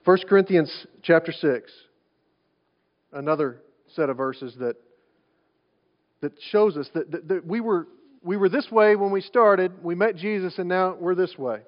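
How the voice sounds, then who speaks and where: High-voiced preacher, lo-fi. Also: male voice, measured pace. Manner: conversational preaching with rhetorical questions and repeated restarts. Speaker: pastor. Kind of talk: sermon. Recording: dull lo-fi sound.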